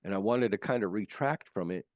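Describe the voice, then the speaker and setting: A man recounting his near-death experience as an interview guest, earnest and halting with many restarts, on a video call. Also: fairly low pitch, no room sound, studio quality.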